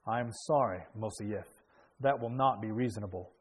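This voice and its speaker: A man's voice: on the low side, normal speed, husky, voice pushed down. A man reading aloud the lines of a stern, weary Soviet army major in a sermon story, in a plain commanding manner.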